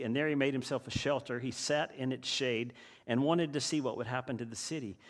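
A man preaching a sermon as a pastor, earnest and asking the listeners rhetorical questions. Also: mid-range voice.

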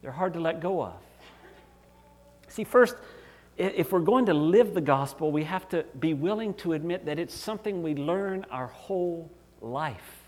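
A man's voice: fairly high pitch, expressive, normal speed, darkish tone. A middle-aged male pastor preaching a sermon in an earnest, conversational way, often acting out quoted voices.

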